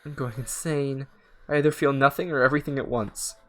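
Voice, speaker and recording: A man's voice: medium pitch, steady tone, a little fast, lightly acted. A man reading as a panicking young woman. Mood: fearful.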